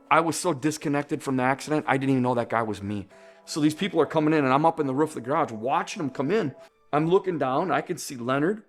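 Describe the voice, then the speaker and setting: A middle-aged man giving a personal testimony in an earnest way, often searching for words. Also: mid-range voice. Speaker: near-death experience witness.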